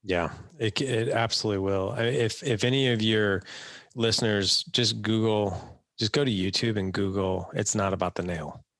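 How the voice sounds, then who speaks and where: A man as a podcast guest coaching fathers, telling stories with animated acted-out quotes in a casual interview. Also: fairly low pitch, moderate pace, no room sound. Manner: animated storyteller, acts out quotes in raised voice.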